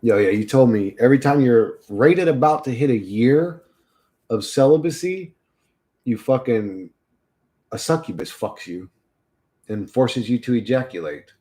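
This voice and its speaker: A man chatting casually with his viewers, crude and profane, breaking into frequent laughter. His pitch swings widely, from low mutters to high exclamations. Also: animated, unhurried, dark tone. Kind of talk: casual chat.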